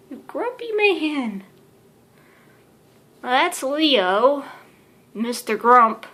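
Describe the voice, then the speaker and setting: A woman's voice: high-pitched, sing-song, extremely slow, pauses often, bright, forceful tone. A woman filming at home, playfully scolding and teasing her cat in baby talk. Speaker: vlogger. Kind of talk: casual home video talking to her cat.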